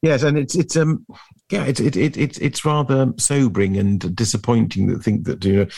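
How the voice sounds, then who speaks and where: A man's voice: mid-range voice, fairly even intonation, moderate pace, creaky, darkish tone. A man hosting a talk show, chatting casually with many hesitations. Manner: hesitant, lots of ums. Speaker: radio host. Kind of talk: casual chat.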